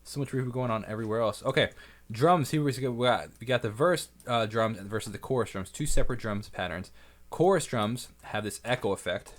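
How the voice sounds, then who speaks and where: A man, a music producer, giving an excitable, casual breakdown of his track, often correcting himself mid-sentence. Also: mid-range voice, a little fast. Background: faint music from his session playback.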